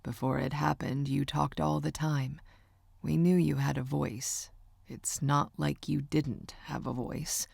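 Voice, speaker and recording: Woman voicing a soft-spoken, low, gruff uncle. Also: little pitch movement, takes it slowly, no echo, full character voice. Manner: low, hushed and comforting. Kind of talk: audiobook character voice.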